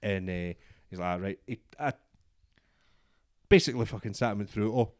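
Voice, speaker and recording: A young man with a Scottish accent and a lowish voice tells a story in casual chat, swearing freely. He acts out every voice in the exchange himself. The sound is dry and close. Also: moderate pace, dry recording. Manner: swears a lot, acts out both sides of a story. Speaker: podcast co-host.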